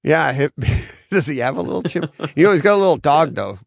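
A man's voice: on the high side, very animated, a little fast, vocal fry, no echo. Chatty, laughing man with a very dry sound. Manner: rambling, laughs often, many fillers. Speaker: podcast co-host. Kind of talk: casual chat. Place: comic bookstore.

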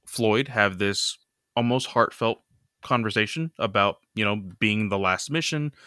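A man chatting casually on a podcast. His voice is bright and forceful, sitting a touch low, and the sound is close and dry. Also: clear, resonant tone, dry recording. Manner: loose, filler-heavy retelling with many "you know" and "like". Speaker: podcast co-host recapping a comic. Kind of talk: casual chat.

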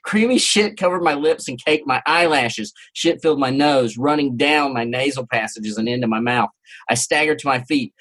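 A man's voice: medium pitch, fairly bright tone, husky. A man hosting a podcast, giving a theatrical first-person story reading with mock-serious relish. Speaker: podcast host.

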